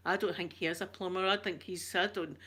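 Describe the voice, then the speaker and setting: Bright-voiced Scottish woman chatting. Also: on the low side, fairly even intonation, a little fast, slightly rough. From Scotland. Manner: rambling, jokey, reads out viewer comments. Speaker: ASMR channel host. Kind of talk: chatty live-stream talk.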